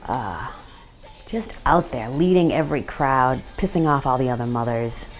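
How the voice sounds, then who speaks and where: A middle-aged woman with a low, dusky voice talks in a radio documentary interview. She is reflective and halting, pausing often as she searches for the right words. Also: expressive, soft background music. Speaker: parent of a transgender teen.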